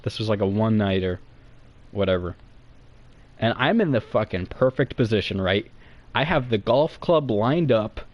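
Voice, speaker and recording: Animated young man swearing through a story. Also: mid-range voice. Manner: animated, profane, rambling. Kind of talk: comic storytime.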